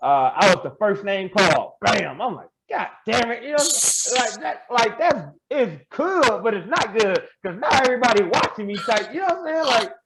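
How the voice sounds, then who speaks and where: A young adult man, a pro wrestler guest on a podcast, telling his story in a loose, animated way with laughs and quoted asides. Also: sits high, moderate pace, heavy background noise. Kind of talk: casual storytelling interview.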